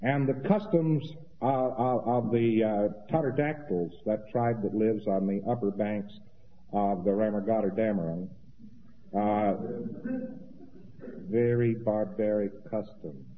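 A man's voice: lowish voice, takes it slowly, a little hiss or hum. Rambling man lecturing in a hall. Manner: rambling, conversational, mocking asides and chanted impressions. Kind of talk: informal lecture to an audience. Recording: dull lo-fi old recording in a reverberant hall.

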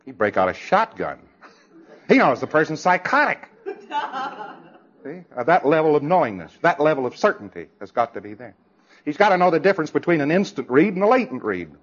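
A man's voice: a little high, very animated, a little fast, pauses often, muffled recording. A man giving an emphatic lecture to a congress audience, with wry, sarcastic asides.

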